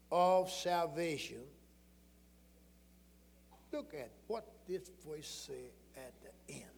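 A man preaching a sermon, telling folksy stories that swing from murmured asides to shouted exhortation. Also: fairly high pitch, breathy edge, big-room sound. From rural Southern United States. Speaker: pastor.

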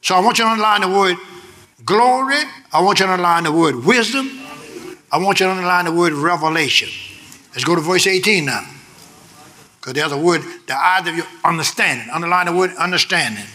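A male pastor preaching a sermon, emphatic and repetitive, swinging from shouted lines to low, quick asides.

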